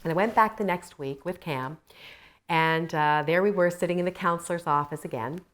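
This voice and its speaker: A woman leading a faith course, her voice pitched a little on the low side. She teaches in a warm, conversational way and slips into animated personal stories, laughing at her own past mistakes. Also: moderate pace. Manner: animated storytelling, laughing at herself. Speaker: Christian women's course teacher.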